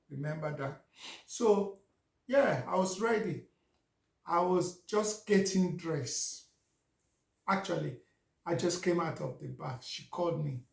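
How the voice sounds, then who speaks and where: Slow gravelly man. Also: a little high, reverberant. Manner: anecdotal, addresses viewers directly. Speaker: vlogger. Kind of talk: casual storytelling monologue.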